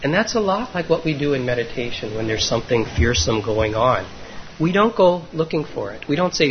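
Gentle man giving a dharma talk. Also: medium pitch, sing-song. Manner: gentle, unhurried, with frequent hesitations. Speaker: meditation teacher. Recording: dull lo-fi recording with faint noise.

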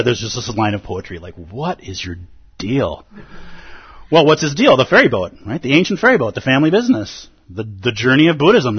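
A man's voice: mid-range voice, slightly rough, dull audio. A man giving a dharma talk as a meditation teacher, earnest and pleading, with playful asides.

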